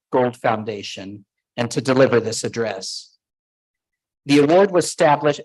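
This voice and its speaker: Man, formal introduction, measured delivery, podium mic, auditorium. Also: mid-range voice, low-quality recording. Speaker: speaker introducing the guest. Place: large auditorium. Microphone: podium microphone.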